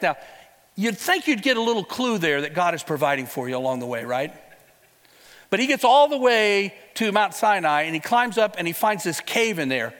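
Male preacher, high voice, casual storytelling sermon, asks the congregation questions, long hall reverb. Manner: lively storytelling with rhetorical questions to the listeners; casual, conversational phrasing. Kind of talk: sermon retelling a Bible story.

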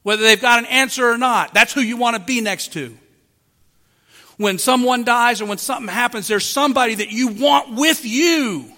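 A man's voice: very high-pitched, moderate pace, sharp tone. A man preaching a sermon to a congregation in a room, emphatic and often asking his listeners rhetorical questions. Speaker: pastor. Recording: long hall reverb.

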